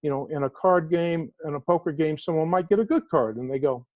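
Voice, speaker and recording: An author speaks as a guest in an interview with a warm, mellow voice that sits a little high for a man. He tells stories with animated emphasis and drags out the words he wants to land. The sound is close and dry, with no room echo. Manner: animated storyteller, emphatic, slows down to stress key words. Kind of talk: inspirational interview storytelling.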